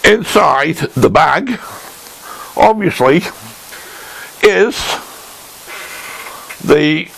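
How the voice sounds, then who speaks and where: A man talks through a woodworking tool in his workshop, his voice heavily gravelly with fry and his delivery slow and unhurried. He pauses, restarts and thinks aloud as he shows things to the camera. His voice sits slightly higher than most men's. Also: lively intonation, a bit bright, low-quality recording. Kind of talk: casual show-and-tell tool review. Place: home workshop.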